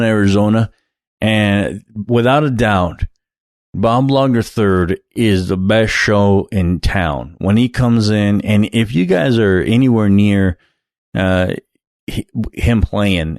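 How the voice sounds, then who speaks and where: A man's voice: lowish voice, darkish tone, no echo, clean studio sound. Man hosting, rambling with many fillers. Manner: blunt, swears freely. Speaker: podcast host. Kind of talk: casual solo podcast monologue.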